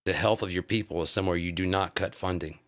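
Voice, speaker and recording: A man's voice: deep voice, fairly even intonation, quick pace, a bit bright. A man on a live stream delivering an angry, profane political rant full of insults.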